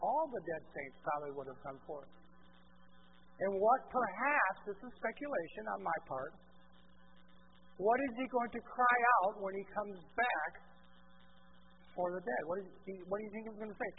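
A man preaching a sermon, asking the congregation questions and swinging from quiet asides to loud exclamations. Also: high voice, phone-quality sound, slight background noise.

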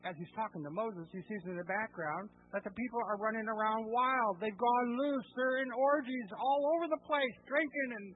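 A male pastor preaching a sermon, asking the congregation rhetorical questions and swinging between quiet and loud. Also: extremely high pitch, moderate pace, hardly any pauses, breathy edge. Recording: tinny phone-like sound.

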